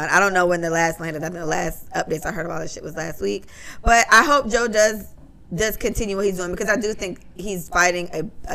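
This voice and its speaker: A woman's voice: lowish voice, creaky, fairly bright tone. A woman co-hosting a casual podcast, talking bluntly and profanely and giving strong opinions. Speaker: podcast co-host.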